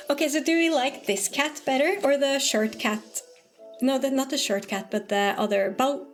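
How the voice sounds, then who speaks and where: A young woman with a slightly high voice and a light Norwegian lilt, streaming a game and chatting as she goes. She rambles and hesitates, dropping "um" and "like" all through. Her voice carries a faint strain from talking a lot. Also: normal speed. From Norway. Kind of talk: casual chat while gaming.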